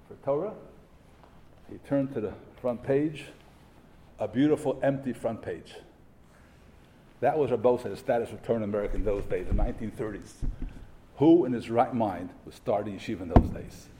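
A middle-aged rabbi gives a memorial sermon to a yeshiva audience in a mid-range, dark voice. He speaks emphatically, poses rhetorical questions and mixes in Hebrew terms.

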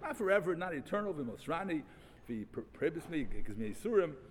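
A man teaching a Talmud class, reading passages and restating them in animated, repeated phrases. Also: fairly high pitch, fast, in a large hall, slight background noise. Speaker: Torah teacher.

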